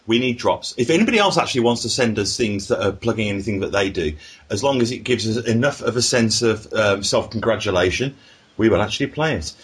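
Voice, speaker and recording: A man's voice: on the low side, expressive, quick pace, a bit bright, breathy edge. A man hosting a podcast, joking irreverently and reading out listener emails. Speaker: podcast host. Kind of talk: casual podcast chat.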